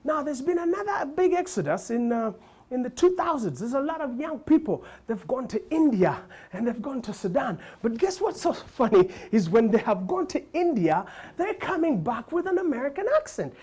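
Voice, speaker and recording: Animated Ugandan comedian, lively pitch. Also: male voice, normal speed, slightly rough. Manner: animated, frequent voice switching and laughter. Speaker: stand-up comedian. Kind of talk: stand-up comedy storytelling.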